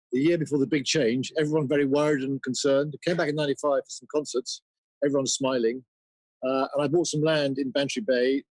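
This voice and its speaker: A man, a musician guest, chatting in a relaxed, anecdotal way. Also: mid-range voice, no echo, rough recording. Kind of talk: casual interview chat.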